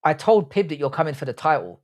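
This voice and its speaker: A man's voice: a little high, big pitch swings, quick pace. A young man hosting a live stream and chatting with viewers, blunt and profane. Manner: crude, profane banter. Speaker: livestream host. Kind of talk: casual live chat reading comments.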